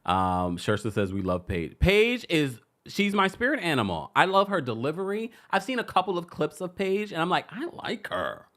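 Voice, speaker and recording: A woman hosting a live-stream celebrity gossip recap, hoarse, chatty and laughing often, stopping and restarting her sentences. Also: on the low side, moderate pace, few pauses. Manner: animated, laughing, self-interrupting.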